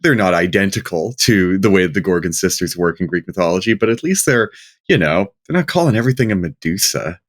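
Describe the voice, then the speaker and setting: A man's voice: sits low, expressive, fairly quick. A man co-hosting a casual gaming podcast, emphatic, giving knowledgeable asides. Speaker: podcast co-host. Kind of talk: casual panel chat.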